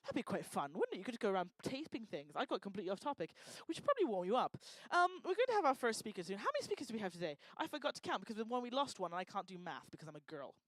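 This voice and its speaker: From a lecture hall stage, a woman hosting a live event jokes and teases the crowd in casual stand-up crowd work. Her medium-pitched voice is sing-song and very fast with few pauses, and it has no echo.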